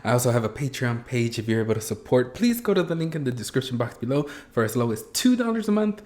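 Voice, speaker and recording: A young man hosting a reaction vlog, chatting casually with self-mocking rambles and quick jumps in energy. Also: mid-range voice. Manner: animated, self-mocking, rambling with bursts of laughter. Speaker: YouTube reaction host.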